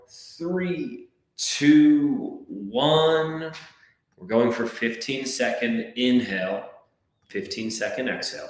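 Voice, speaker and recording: Man, breathwork coach, slow unhurried cues, very echoey room. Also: mid-range voice. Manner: calm, counts aloud, gives gentle step-by-step cues. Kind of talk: guided breathwork class instruction.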